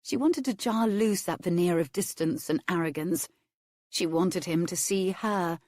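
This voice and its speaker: Low-voiced woman narrating a romance. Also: a little slow, a little mellow, no room sound, studio quality. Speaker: audiobook narrator.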